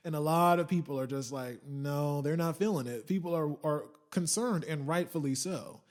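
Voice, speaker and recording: A man's voice: a little high, normal speed. A man hosting a casual solo podcast, rambling and swearing, switching into mocking quoted voices. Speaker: podcast host.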